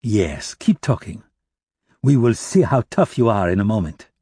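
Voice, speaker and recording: A man's voice: on the low side, sing-song, a little slow, warm tone, slightly rough, no room sound, studio quality, full character voice. A man voicing a cruel taunting militant leader. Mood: menacing. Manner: taunting, cold threats. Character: cruel male militant leader, mocking and menacing. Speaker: captor.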